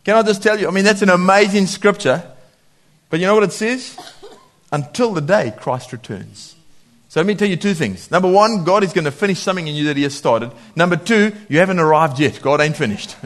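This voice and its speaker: A man preaching a sermon in a lively way, laughing often and acting out voices when he quotes people. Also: high voice, fast.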